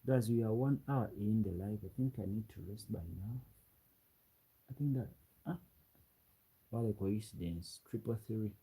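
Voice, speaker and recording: On a late-night live stream, a Ugandan man reads viewer comments aloud and chats casually in Ugandan-accented English. His lowish, mellow, slightly rough voice moves at a moderate pace with long pauses, captured roughly through a webcam and ring light setup.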